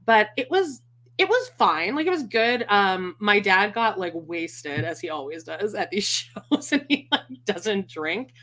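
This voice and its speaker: A woman's voice: medium pitch, expressive, unhurried, a bit bright. A woman hosting a podcast, chatting casually, laughing often and swearing freely. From Canada. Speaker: podcast host. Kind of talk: casual chat.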